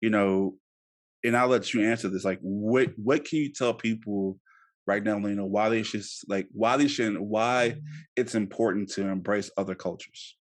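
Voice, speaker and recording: A man's voice: lowish voice, steady tone, moderate pace. A man hosting a casual podcast, talking earnestly and encouragingly, with many fillers. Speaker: podcast host.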